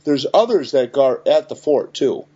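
A man's voice: mid-range voice, big pitch swings, moderate pace, mellow, breathy edge, dull audio. A man co-hosting a podcast, chatting casually in an easygoing, wry way. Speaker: podcast co-host. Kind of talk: casual chat.

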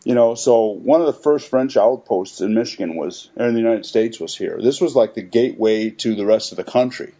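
A man's voice: fairly low pitch, a little fast, hardly any pauses, mellow, lo-fi sound. A man co-hosting a podcast, chatting casually in an easygoing, wry way. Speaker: podcast co-host. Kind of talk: casual chat.

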